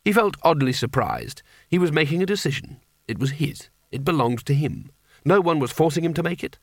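A man reads an audiobook with a gravelly, mid-pitched voice, telling the story evenly. The recording is dry and close. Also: sing-song, brisk, no echo. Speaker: audiobook narrator. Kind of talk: scripted narration.

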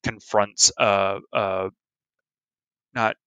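A man's voice: on the low side, little pitch movement, very slow, pushed and bright, clear, resonant tone, no echo, highs cut off. A man co-hosting a casual movie discussion, rambling with many filler words. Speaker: podcast co-host.

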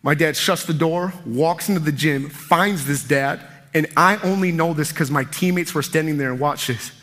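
Bright, high-pitched preaching man. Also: moderate pace. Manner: energetic, emphatic preaching with sudden loud peaks. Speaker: pastor. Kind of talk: sermon.

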